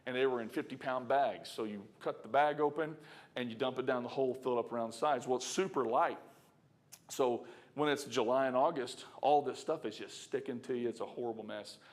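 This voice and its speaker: A man's voice: medium pitch, a little fast. A man preaching in a church, telling a work story in a casual, chuckling way and talking straight to the congregation. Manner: conversational, chuckling, talks to the congregation. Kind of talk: storytelling sermon. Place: church sanctuary.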